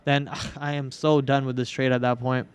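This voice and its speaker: A man's voice: medium pitch, little pitch movement, moderate pace, smooth. A young man hosting a live trading stream in casual commentary, joking and melodramatically whining about his losses. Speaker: trading livestream host.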